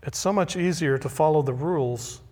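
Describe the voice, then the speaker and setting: A male pastor preaching a sermon, emphatic and deliberate, repeating key phrases. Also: fairly high pitch, darkish tone. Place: church sanctuary. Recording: long hall reverb.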